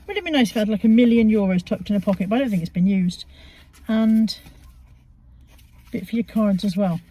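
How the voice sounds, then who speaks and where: Speaking a little fast in a mellow, medium-pitched voice with lively intonation, a vlogger chats from her car about what she found at charity shops. She's middle-aged, rambling and casual, and pokes fun at herself.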